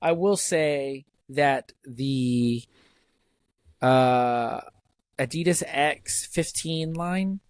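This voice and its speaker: A young adult man co-hosting a podcast, chatting casually and telling teasing, animated stories. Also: mid-range voice, extremely slow, no echo. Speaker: podcast co-host. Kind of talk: casual chat.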